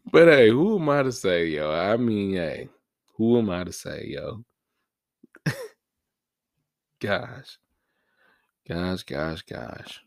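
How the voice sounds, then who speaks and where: A man hosting his own vlog in a profane, casual rant that swings between loud, high-pitched outbursts and low mutters. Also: big pitch swings, slow, vocal fry, long pauses, no echo, clean studio sound. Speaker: vlog host. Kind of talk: casual ranting monologue.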